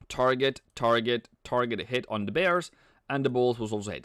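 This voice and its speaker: A man hosting a live trading stream, talking casually and playfully as he answers chat with frequent halting restarts. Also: medium pitch, big pitch swings, fairly bright tone, clean tone, dry recording. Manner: chuckles often, halting restarts. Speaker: trading livestream host. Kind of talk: casual live market commentary.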